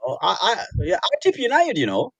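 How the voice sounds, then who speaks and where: A man's voice: high-pitched, wildly swooping pitch, fairly quick, vocal fry, a loud crowd. A man in casual football banter, ribbing his friends in a friendly way and saying "man" a lot. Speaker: podcast panelist.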